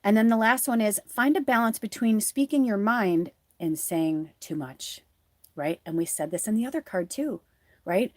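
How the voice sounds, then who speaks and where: A woman's voice: mid-range voice, normal speed, no room sound. A woman running a live tarot reading, rambling and encouraging in a casual, chatty way. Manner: rambling, chatty, many fillers; earnest and encouraging to viewers. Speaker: tarot reader and spiritual medium.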